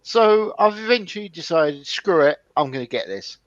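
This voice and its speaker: A man's voice: fairly high pitch, expressive, normal speed, hardly any pauses, no echo, highs cut off. A man hosting a casual chat with a dry, sardonic way of talking.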